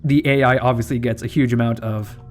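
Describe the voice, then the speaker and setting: A man's voice: medium pitch, fairly even intonation, fairly quick, a little mellow, faint music behind. A young man hosting a strategy game playthrough, talking casually as he rambles, swears and corrects himself. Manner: rambling and profane, with self-corrections. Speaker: gaming channel host.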